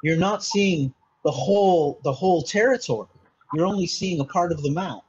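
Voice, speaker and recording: A man's voice: high voice, animated, normal speed, slightly rough, muffled recording. A man from Malta, a mindset consultant, explaining earnestly in a casual interview, often restarting and saying "you know". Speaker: mindset consultant, podcast guest.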